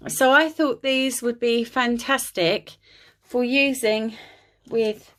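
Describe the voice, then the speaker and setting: A woman's voice: fairly high pitch, a bit bright. Tired woman chatting to camera. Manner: chatty, apologetic, hesitant with many ums. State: tired and a bit out of breath. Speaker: crafting vlogger. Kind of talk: casual chat to camera. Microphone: phone on a holder.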